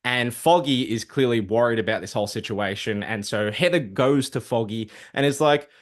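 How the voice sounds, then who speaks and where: A man casually recapping a dark comic book story, swearing freely and throwing in sarcastic asides. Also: mid-range voice, normal speed. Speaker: comic book video host.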